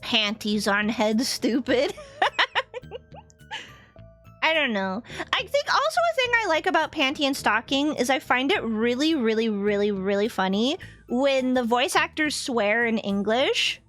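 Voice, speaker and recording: A young woman streaming and chatting casually with viewers in an animated way, laughing often. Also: fairly high pitch, unhurried, soft background music. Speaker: vtuber streamer. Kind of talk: casual livestream chat.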